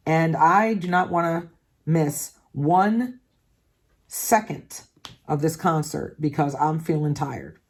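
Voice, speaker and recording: A woman running a diamond painting channel chats casually and candidly while she crafts, letting the occasional swear word slip. Her voice is low-pitched with a darkish tone, and she takes her time.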